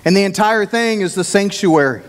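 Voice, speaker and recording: High-voiced Oklahoma pastor preaching. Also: male voice, lively intonation, moderate pace, long reverb tail. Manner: folksy, self-deprecating, repeats words while thinking. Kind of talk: sermon.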